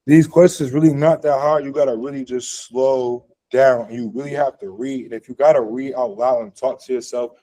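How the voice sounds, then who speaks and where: A man with a mid-range, warm voice teaches a college physics lecture in a classroom that's also streamed online. He's conversational, uses lots of fillers, and quizzes the class as he goes. The recording is rough.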